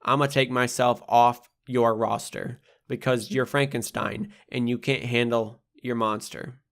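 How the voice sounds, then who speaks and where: A man's voice: medium pitch, steady tone, unhurried, gravelly. A young man reading his own spoken-word poetry aloud, in a rhythmic, rhyming delivery full of blunt swearing.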